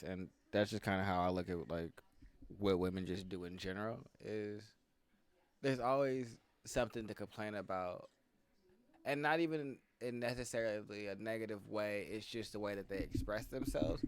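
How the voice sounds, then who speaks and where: A man's voice: lowish voice, moderate pace, clean tone, no room sound. A man hosting a podcast, talking bluntly and laid-back, getting emphatic when he pushes a point. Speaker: podcast host. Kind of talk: casual chat.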